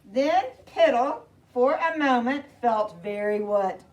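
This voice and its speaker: High-voiced teacher reading to her class. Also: takes it slowly. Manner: animated, asks the children questions. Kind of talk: reading a picture book aloud to a class. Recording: distant mic, faint noise.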